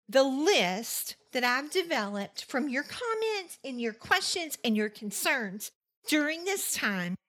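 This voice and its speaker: A woman's voice: high voice, bright, forceful tone. A woman with a Southern US accent hosting a faith-based podcast monologue, emphatic and fond of repeating phrases for effect. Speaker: podcast host.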